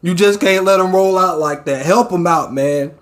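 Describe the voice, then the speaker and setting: A man hosting a casual comic-reaction talk, excitable and quick to swear and shout his reactions. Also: high voice. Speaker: manga reaction host.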